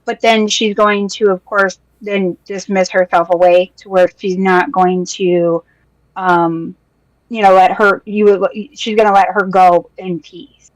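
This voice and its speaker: A woman taking part as a player in a tabletop role-playing game. She talks in a hesitant, rambling way with many fillers, at a mid pitch, and her voice is close and dry with no room echo. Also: flat delivery, unhurried. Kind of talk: tabletop role-play in character.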